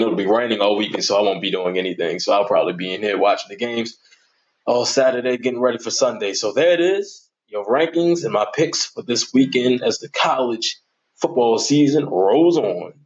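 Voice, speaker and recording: A man's voice: mid-range voice, animated, normal speed, muffled recording. A man hosting his own sports podcast, chatting casually and animatedly as he jokes through his predictions and picks.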